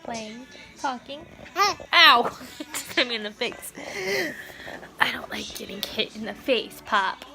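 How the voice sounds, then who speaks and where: A woman's voice: on the high side, takes it slowly, long pauses, pushed and bright, a little hiss or hum. A young woman vlogging at home, coaxing her baby to talk in a sing-song, laughing voice. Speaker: vlogger and mother. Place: at home, lying down indoors.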